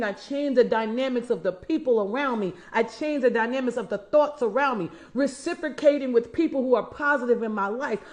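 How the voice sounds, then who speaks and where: Emphatic high-voiced woman coach in her forties. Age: 40s. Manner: emphatic, repeats key lines, addresses listeners as y'all and honey. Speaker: empowerment coach. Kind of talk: motivational livestream talk.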